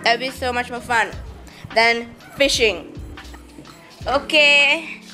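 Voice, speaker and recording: High-voiced playful woman. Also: bright, forceful tone, faint music behind. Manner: playful, quick to laugh at herself. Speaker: family member on holiday. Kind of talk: casual family chat on camera.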